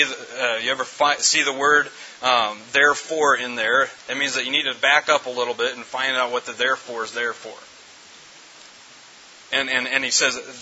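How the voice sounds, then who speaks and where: Middle-aged guy preaching, really bright tense voice, emphatic, keeps repeating himself, dull lo-fi sound. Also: mid-range voice. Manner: emphatic, repeats words and restarts phrases. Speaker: pastor. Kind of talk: sermon. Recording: dull lo-fi recording with faint hiss.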